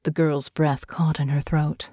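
A woman narrating a story with a slow, measured reading. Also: low voice, flat delivery, mellow, no echo, studio quality. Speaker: audiobook narrator. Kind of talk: scripted narration.

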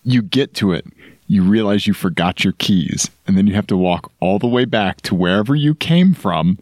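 A man co-hosting a car podcast in casual chat, joking and animated, laughing often. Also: on the low side, moderate pace, no room sound. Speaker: podcast co-host.

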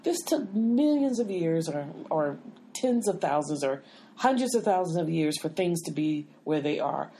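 A woman's voice: low-pitched, sing-song, normal speed, warm tone. A woman hosting a casual podcast chat, holding the floor insistently and asking to finish her point. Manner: insistent, keeps the floor with "wait a minute". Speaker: podcast host.

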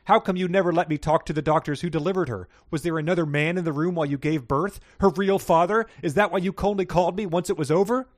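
A man's voice: on the high side, dry recording, clean studio sound, pitched above the performer's own voice, lightly acted. A man voicing a wounded husband who pours out accusations at his wife. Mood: accusing. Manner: rapid, accusing outpouring.

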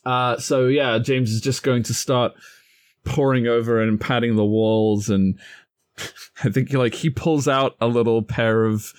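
A man's voice: mid-range voice, fairly even intonation, unhurried, darkish tone, clear, resonant tone, no room sound, studio quality. A man playing a tabletop role-playing game, thinking aloud hesitantly. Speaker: player.

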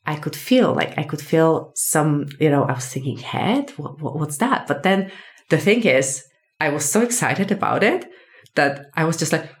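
A woman, a podcast guest telling a personal story in a casual, animated way, full of fillers and acted-out dialogue. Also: deep voice, normal speed. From Poland. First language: Polish. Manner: animated, acts out quoted dialogue, many fillers.

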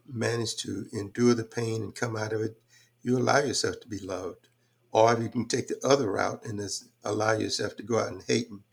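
Older guy with a raspy low voice, talking slow and thoughtful on a podcast. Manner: measured, thoughtful, with frequent fillers. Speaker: podcast guest. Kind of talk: reflective conversational talk.

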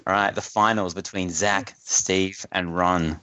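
A man's voice: sits low, fairly even intonation, unhurried, bright, forceful tone. Laughing man hosting a pinball quiz. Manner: laughs often while reading questions. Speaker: quiz host. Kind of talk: casual podcast quiz.

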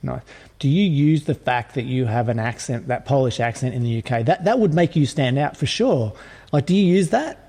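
A man's voice: mid-range voice, animated, moderate pace, dark tone, husky, in a large hall. A man hosting an interview, curious and rephrasing his questions. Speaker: podcast host.

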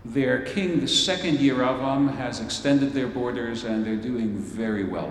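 A man's voice: mid-range voice, unhurried, slight background noise. A man preaching a storytelling sermon in a large worship hall, theatrical and wry, with playful asides. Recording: echoey hall from far off.

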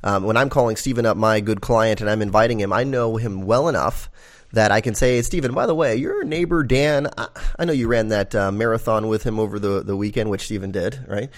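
A man's voice: fairly low pitch, fairly even intonation, fairly quick. Man co-hosting a podcast, conversational. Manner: conversational, gives examples, laughs easily. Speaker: podcast co-host. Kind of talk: casual business chat.

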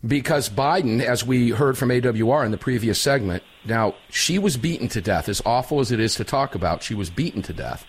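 A man hosting a talk radio roundtable, energetic and emphatic with a folksy way of talking. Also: mid-range voice, fairly quick, hardly any pauses, breathy edge. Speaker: radio show host.

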